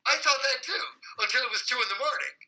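A man's voice: very high voice, fast talker, bright, forceful tone, low-quality recording. A man, an advertising copywriter guesting on a podcast, rambling and self-deprecating with frequent restarts and casual swearing. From Ireland. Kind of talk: casual interview chat.

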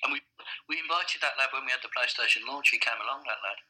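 Blunt, husky-voiced man telling stories. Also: medium pitch, fast, rough recording. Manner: blunt, animated storyteller who swears freely. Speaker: advertising director, guest. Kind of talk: casual interview chat.

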